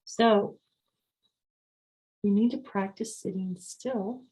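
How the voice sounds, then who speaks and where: A woman hosting a podcast, talking calmly and repetitively as she coaches listeners on slowing down and mindfulness. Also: medium pitch, low-quality recording. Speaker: podcast host. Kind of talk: calm podcast talk on sleep and mindfulness.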